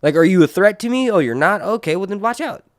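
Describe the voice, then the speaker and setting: A man's voice: high-pitched, lively intonation, fast talker, no echo, clean studio sound, voice pushed up. A man playing a shrugging, dismissive prince. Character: dismissive aloof prince who ignores everyone.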